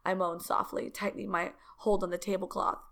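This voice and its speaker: A woman's voice: medium pitch, flat delivery, a little fast, creaky, a bit bright. A woman co-hosting a podcast, reading fan fiction aloud and breaking off to joke and comment. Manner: dramatic reading broken by laughing commentary. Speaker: podcast co-host.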